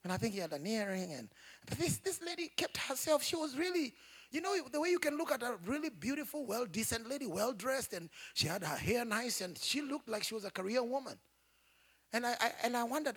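A man preaching as he tells a dream, emotional and halting, moving from whispers to a raised voice. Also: very high voice, sing-song, a bit bright, husky. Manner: emotional, halting, with many restarts; swings between whispering and raised voice. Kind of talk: sermon testimony.

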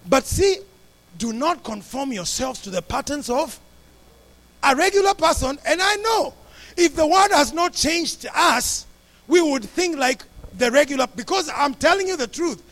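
A pastor preaching in a high, light voice for a man. He tells his story with lots of life, jumping from loud and high to soft and low as he acts out each person. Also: unhurried, no echo. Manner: animated, acts out the people in his story with big swings in pitch and loudness. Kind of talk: storytelling sermon.

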